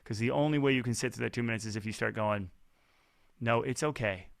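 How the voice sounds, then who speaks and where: A man hosting a podcast over a video call, chatting casually and telling stories in an animated, self-deprecating way. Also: mid-range voice, very fast, creaky. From Canada. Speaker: podcast host.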